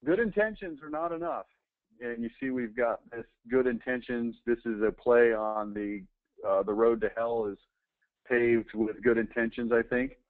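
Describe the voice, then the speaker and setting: A man's voice: mid-range voice, moderate pace. Man with a tinny, phone-like sound. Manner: offhand, with hesitant fillers. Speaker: presenter reviewing old ads. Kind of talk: casual commentary while reading aloud.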